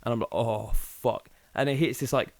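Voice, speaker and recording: A man's voice: mid-range voice, rapid-fire, no room sound. A young man co-hosting a podcast, telling stories in casual chat, swearing freely and acting out the people in them. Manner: animated storyteller, acts out voices, swears freely. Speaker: podcast co-host.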